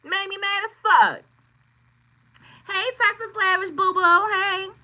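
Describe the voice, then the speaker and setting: Middle-aged woman, crisp and bright tone, swears freely, casual live-stream storyteller. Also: very high-pitched, slow, poor audio. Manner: profane, blunt, laughing storyteller; greets chat viewers by name. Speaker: tarot reader streaming live.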